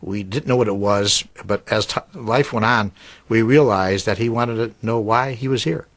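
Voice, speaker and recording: Low-voiced man reflecting hesitantly. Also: normal speed, dry recording. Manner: hesitant, thoughtful. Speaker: interviewee. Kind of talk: reflective interview.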